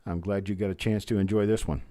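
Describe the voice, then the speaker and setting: A man's voice: on the low side, fairly even intonation, fast talker, mellow. A man hosting a live online coin auction, calling bids over and over and chatting with bidders. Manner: repetitive bid calling, friendly asides to bidders.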